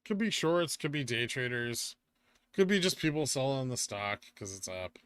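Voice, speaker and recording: A man's voice: medium pitch, big pitch swings, moderate pace, a bit bright, clear, resonant tone, dry recording. Chatty Californian man, dry close sound. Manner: chatty, rambling, answers chat questions. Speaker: livestream host. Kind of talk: casual live trading chat.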